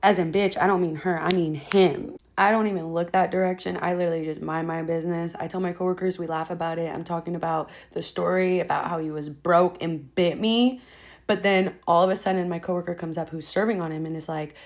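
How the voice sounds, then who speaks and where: Young woman, casual storyteller, blunt and exasperated, a little low-pitched, curses freely. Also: steady tone, fairly quick.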